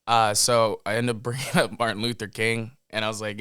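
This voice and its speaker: A man's voice: mid-range voice, flat delivery, brisk, few pauses, fairly bright tone, smooth, dry recording, clean studio sound. A man telling a loose, joking story in a casual podcast chat.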